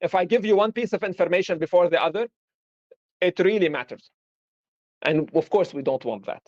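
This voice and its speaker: High-voiced man lecturing through examples. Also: fairly quick, darkish tone, no echo, dull audio. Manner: explains with rhetorical questions and examples. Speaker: philosophy lecturer. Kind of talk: live-streamed lecture discussion.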